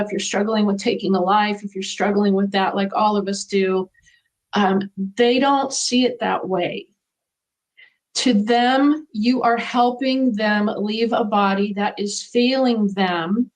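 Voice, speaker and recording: A woman's voice: fairly high pitch, low-quality recording. Earnest woman giving an interview. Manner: earnest, reflective, speaks from personal experience. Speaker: interview guest. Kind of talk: conversational interview.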